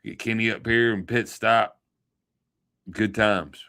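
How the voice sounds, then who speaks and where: Rambling folksy man with a bright voice. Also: fairly low pitch, steady tone, slow, clear, resonant tone. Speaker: livestream host. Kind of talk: casual livestream sign-off chat.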